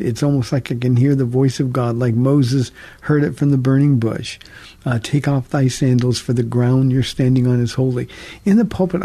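A man's voice: fairly high pitch, mellow, slightly rough, dry recording. A man, a pastor, answering listener questions on a radio call-in teaching show in an earnest, conversational way with frequent restarts.

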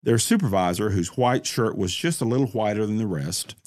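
A man narrating a scripted crime story in a measured, deliberate way. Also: on the low side, a little mellow, no room sound, studio quality.

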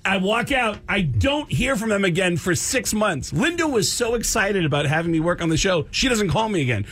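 A man's voice: sits high, very animated, normal speed, fairly bright tone, husky. A man guest on a radio show, a comedian and voice actor, telling stories with energy and slipping into other people's voices. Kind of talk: animated storytelling on a radio show. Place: radio studio.

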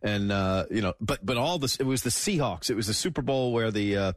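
A man's voice: lowish voice, fairly quick, no room sound, studio quality. A man hosting a radio golf show, chatting and chuckling with a guest. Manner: chuckling, friendly. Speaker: radio host. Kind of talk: casual chat.

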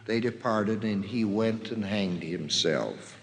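A man slowly and solemnly reading scripture passages aloud, naming the gospel after each one, his voice heard from a distance in a reverberant hall. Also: lowish voice, a little hiss or hum. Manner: slow, measured, solemn reading with drawn-out quotes.

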